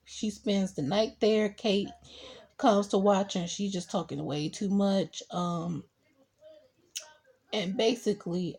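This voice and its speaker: A young woman recapping a TV episode in a casual, animated way, acting out the characters' lines as she goes. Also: medium pitch. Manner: animated retelling with acted quotes. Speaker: TV show reviewer.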